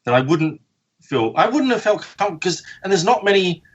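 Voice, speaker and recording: A man's voice: high voice, very animated, moderate pace, slightly rough, highs cut off. A man, a comic book artist guest, chatting casually on a podcast in a rambling, self-deprecating way and laughing often.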